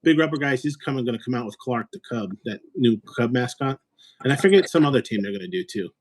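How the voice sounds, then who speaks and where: A man's voice: mid-range voice, animated, fast talker. A man from Illinois hosting a casual chat, rambling and joking as he talks. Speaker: host.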